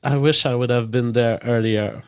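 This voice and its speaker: A man appearing as a guest on a livestream, chatting casually and explaining things in a measured way. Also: mid-range voice, fairly even intonation, darkish tone, clear, resonant tone. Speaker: guest commentator.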